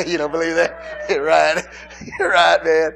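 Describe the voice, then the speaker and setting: A male pastor preaching an informal sermon in a church, bantering and laughing with the congregation and rising to shouted emphasis. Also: fairly high pitch, little pitch movement, unhurried, vocal fry. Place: church sanctuary.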